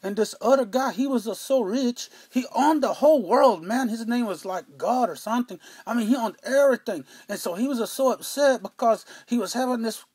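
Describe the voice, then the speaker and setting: A man's voice: very high voice, fairly quick, hardly any pauses, a little mellow, slightly rough, dry recording. Someone playing a rambling man. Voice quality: rambling, fills every phrase with "man" and "you know". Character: rambling Mexican-American man, excitable storyteller. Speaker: comic character. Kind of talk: comedic monologue.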